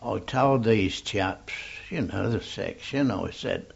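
A man's voice: fairly low pitch, slow, creaky, husky. An older man with an English accent, recalling his soldiering days in a rambling, plainspoken oral history on a dull old tape recording.

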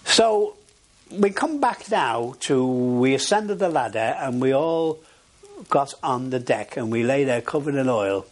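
A man's voice: medium pitch, lively intonation, a little slow. An older man recalls his past in an archival oral history interview. He rambles, with many fillers and restarts, in an everyday conversational voice.

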